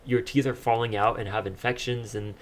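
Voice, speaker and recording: A man's voice: medium pitch, steady tone, a little fast. A young man, a podcast co-host, telling a personal story in casual chat, laughing often as he talks.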